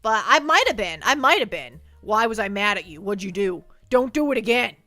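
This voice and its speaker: A woman's voice: medium pitch, expressive, brisk, sharp tone, no echo, soft background music. A woman livestreamer chatting casually with her viewers, playful and mock-hurt, often repeating words as she thinks aloud. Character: speaks as a sensitive penguin streamer persona.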